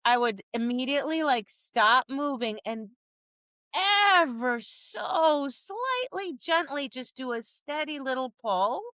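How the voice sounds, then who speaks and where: Woman, podcast co-host, casual chat, animated, bright tone, dry sound. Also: high voice, takes it slowly, dry recording. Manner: animated, acts out cheery voices and dog reactions. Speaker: podcast co-host, dog trainer.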